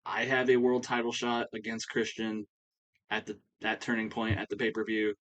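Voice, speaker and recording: A man voicing a young male wrestler fixed on his title shot, talking earnestly and fast with stammered apologies. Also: on the low side, completely flat delivery, fairly bright tone, natural voice, poor audio.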